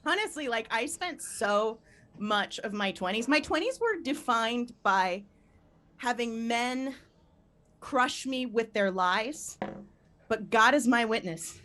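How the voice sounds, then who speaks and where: A woman in her thirties performing a live stand-up set, animated and laughing through her punchlines. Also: on the high side, slow pace, slight background noise. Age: 30s. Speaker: stand-up comedian.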